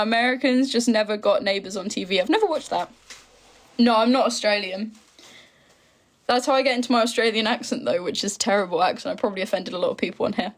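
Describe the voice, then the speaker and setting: A chatty, giggly English woman in her twenties from the east of England, hosting a casual live stream and answering viewer comments. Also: a little high. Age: 20s. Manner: chatty and giggly, quick asides. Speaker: livestream host.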